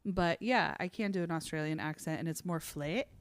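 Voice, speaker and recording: A young woman co-hosting a podcast in casual, excitable chat, swearing and tripping over her words. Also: deep voice, moderate pace, dry recording. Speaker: podcast co-host.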